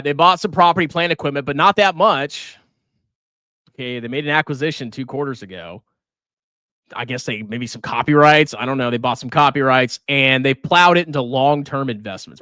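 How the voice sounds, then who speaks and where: A man's voice: mid-range voice, animated, brisk, bright, forceful tone, no echo, studio quality. Ranting, sarcastic male finance streamer. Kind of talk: live stream stock commentary.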